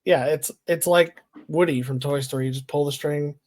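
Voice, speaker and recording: A man co-hosting a podcast, chatty and quick to laugh while telling anecdotes. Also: fairly high pitch, fairly even intonation, a little mellow, no echo, studio quality. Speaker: podcast co-host. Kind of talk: casual podcast chat.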